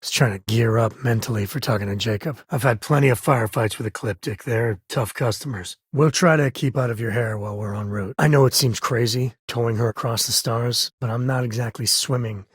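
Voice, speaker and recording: A laid-back, wry space cowboy, as a man voices him in a video game. His husky, breathy tone is mid-pitched and recorded close and dry in a studio. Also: fairly quick, few pauses, dry recording, close to an everyday voice. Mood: somber. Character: rugged male space cowboy companion, easygoing. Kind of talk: game voice lines. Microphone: close studio mic.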